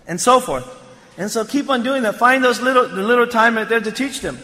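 A man preaching a sermon, animated and rising to emphatic near-shouts, quoting Arabic phrases and explaining them in English. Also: sits high, moderate pace. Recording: long hall reverb.

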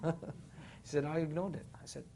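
Man preaching with animated retelling. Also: fairly high pitch, unhurried, vocal fry, a little hiss or hum. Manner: animated retelling, quoting others in a dramatic voice. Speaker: Islamic preacher. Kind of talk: sermon storytelling.

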